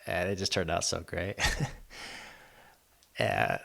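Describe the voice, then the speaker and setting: Gravelly low-voiced man telling a story. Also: flat delivery, moderate pace, pushed and bright. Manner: earnest, rambling with restarts, gets emotional. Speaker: vlogger. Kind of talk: personal storytelling.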